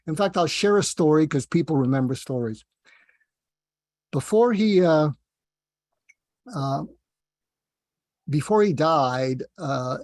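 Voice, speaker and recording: Man guest chatting loosely, self-deprecating tangents, slightly high voice, dry close sound. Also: a little mellow, no echo. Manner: rambling, self-deprecating, storytelling with asides. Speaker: guest, psychiatrist. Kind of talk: casual interview talk.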